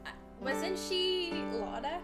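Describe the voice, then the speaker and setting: A woman chiming in quietly from away from the microphone. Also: extremely high pitch, lively intonation, takes it slowly, music in the background.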